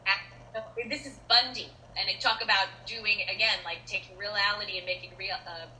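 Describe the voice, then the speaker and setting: A middle-aged actress chatting as an interview guest, telling stories in an animated way with many restarts and fillers. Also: female voice, mid-range voice, normal speed, a little hiss or hum. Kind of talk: casual interview chat. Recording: roomy echo.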